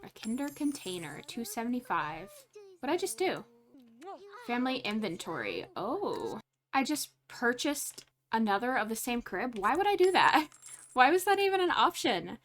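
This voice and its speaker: Lively, chatty woman gamer. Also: on the high side, moderate pace. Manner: chatty, reacts aloud with frequent laughs and exclamations. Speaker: gaming channel host. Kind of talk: let's play commentary.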